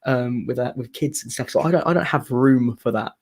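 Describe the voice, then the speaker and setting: A man's voice: mid-range voice, fairly quick, husky. A man in his thirties with a British accent, hosting a casual theatre chat and often repeating words as he gets to his point. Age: 30s. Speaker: host of a theatre live chat.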